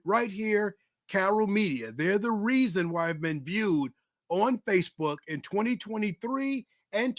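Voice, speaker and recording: An energetic male podcast host with a high voice and a hyped, emphatic delivery, repeating phrases for effect. His voice sounds dry and close, with no room around it, as he welcomes his audience and interviews a guest. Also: dry recording. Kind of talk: live podcast hosting and interviewing.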